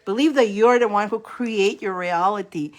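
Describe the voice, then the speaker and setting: A woman's voice: medium pitch, moderate pace. A woman reading tarot cards on a live stream, chatty and encouraging. She laughs often and repeats mantras aloud. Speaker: tarot card reader.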